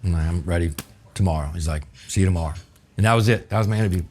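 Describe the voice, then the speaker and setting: A man's voice: low voice, rapid-fire, a little mellow. A middle-aged man from New Orleans with a New Orleans accent, a chef telling stories in casual, profane, rambling talk full of "you know.". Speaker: chef telling his story as a guest. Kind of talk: casual storytelling.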